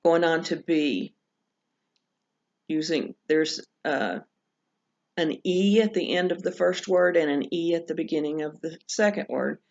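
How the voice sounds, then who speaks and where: Slow, patient woman teaching pronunciation. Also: deep voice, a little mellow. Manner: slow, patient, repeats examples aloud. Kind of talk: recorded lesson walkthrough. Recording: dull lo-fi recording.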